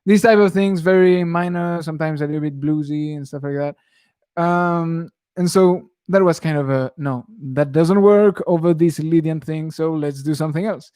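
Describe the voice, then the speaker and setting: A young man talks loosely through a live Q&A about guitar, wandering off mid-sentence and chuckling as he goes. His voice sits a little high for a man, and the sound is close and dry with no room around it. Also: normal speed, warm tone, smooth, no room sound. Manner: rambling, self-interrupting, chuckles often. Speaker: guitar teacher. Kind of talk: casual live stream Q&A.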